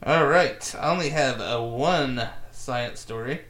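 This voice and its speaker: A man co-hosting a podcast, telling a science story in a joking, animated way. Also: mid-range voice, takes it slowly, loud music behind the voice. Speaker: podcast co-host. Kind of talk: casual chat, news segment.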